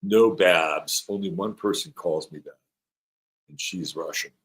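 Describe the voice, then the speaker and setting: Middle-aged male astrologer host, a bit low-pitched, loose and joking as he reads out chat comments. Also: measured pace, fairly bright tone, low-quality recording. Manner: rambling, playful, reads viewer comments aloud. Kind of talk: live-stream chat with viewers.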